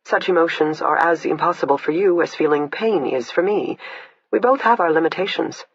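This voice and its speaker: A man reading the part of a composed woman who cannot feel pain, speaking in a measured, clinical way with a husky voice. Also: on the high side, no echo. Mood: resolved. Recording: dull lo-fi, dry.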